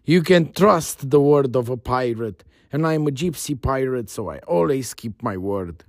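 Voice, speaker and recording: A man's voice: medium pitch, animated, moderate pace, no echo, clean studio sound, lightly acted. A man voicing a jovial, stocky male pirate chief in a spoken story, hearty and boastful. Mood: grateful.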